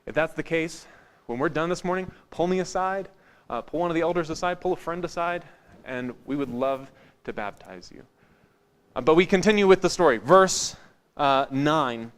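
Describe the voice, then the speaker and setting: A man with a somewhat high voice delivers a sermon in a church. His tone is conversational and joking, and he turns quiet and intimate on his key points. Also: normal speed. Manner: conversational and wry, swinging from lively to hushed. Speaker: preacher.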